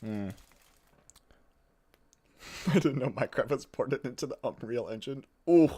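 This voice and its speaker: Male streamer, mid pitch, animated delivery; casual, self-mocking chat to viewers. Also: unhurried, slightly rough. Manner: lively, jokey, chatty, often laughs at himself. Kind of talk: casual live-stream chat, reading chat while building.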